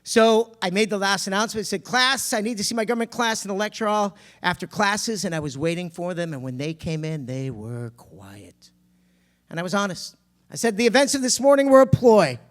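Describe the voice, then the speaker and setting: A man's voice: fairly quick, a bit bright. A man telling a personal story to an audience, acting out the dialogue dramatically. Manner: dramatic, acts out dialogue with big pitch swings.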